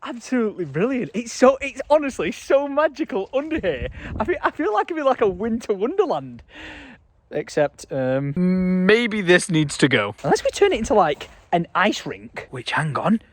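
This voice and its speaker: A man, chatting excitedly to camera while working outdoors in his garden. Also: sits high, normal speed. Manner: excitable, animated. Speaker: vlogger. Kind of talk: casual vlog narration.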